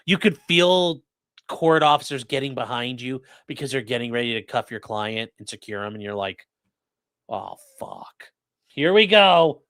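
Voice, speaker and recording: A man's voice: medium pitch, a bit bright, no room sound, clean studio sound. A man, an attorney hosting a live stream, commenting on court footage in a profane, joking way and slipping into voices.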